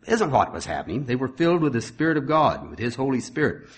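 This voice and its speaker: A man's voice: mid-range voice, sing-song, normal speed, breathy edge. A middle-aged man preaching a sermon, reading scripture with rising force and breaking into folksy asides.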